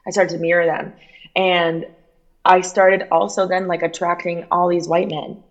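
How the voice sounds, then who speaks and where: A woman's voice: fairly low pitch, normal speed. Chatty young woman with a Miami accent. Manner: chatty, animated storytelling with many likes and quoted voices. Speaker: guest. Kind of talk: casual chat.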